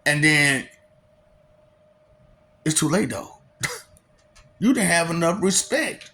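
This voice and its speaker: A man doing a rambling comedic monologue, laughing often, swearing and taunting, dropping to low mutters and jumping to high excited bursts. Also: slow, long pauses. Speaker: vlogger.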